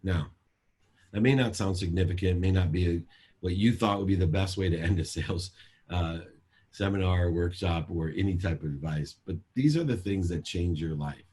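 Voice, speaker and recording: A man's voice: low-pitched, moderate pace, warm tone, breathy edge. A man speaking as a motivational speaker at a sales seminar, emphatic and repetitive in a preachy way.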